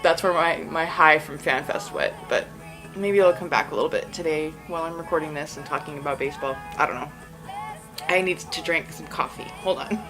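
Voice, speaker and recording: A woman's voice: low-pitched, a little fast, music in the background, rough recording. A woman hosting a casual solo podcast, sleepy and just out of bed, rambling with lots of "like" and frequent giggles. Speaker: podcast host.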